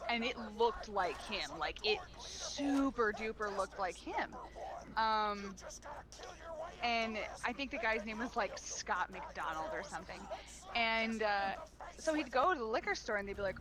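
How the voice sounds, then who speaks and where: A woman chatting casually while gaming, cracking jokes and telling a story. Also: fairly high pitch. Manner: joking, quick to tell a story. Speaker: gamer.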